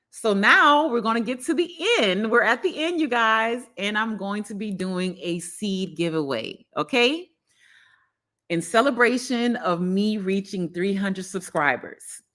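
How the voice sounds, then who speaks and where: A woman with a Southern US accent hosting a casual gardening livestream, warm and effusive, repeating her thanks. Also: medium pitch. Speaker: gardening channel host.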